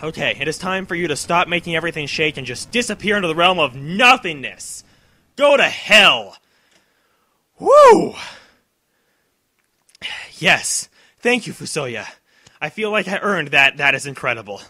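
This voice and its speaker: Excitable man narrating his gameplay. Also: fairly high pitch, brisk, no room sound. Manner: excitable, yelps and cheers at big moments; talks to himself and to the characters. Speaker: let's play host. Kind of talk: video game playthrough commentary.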